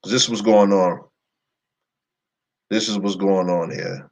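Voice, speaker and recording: A man hosting an online video, slowly reading long word lists off his screen and breaking in with blunt, indignant remarks. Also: low voice, a little mellow. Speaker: video host. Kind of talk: screen-share commentary reading from a list.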